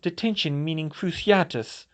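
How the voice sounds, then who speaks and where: A blunt, cold young woman student, as a man puts her on in an audiobook, telling things flatly and matter-of-factly. Her voice is pitched a bit above a man's usual. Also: brisk, lightly acted.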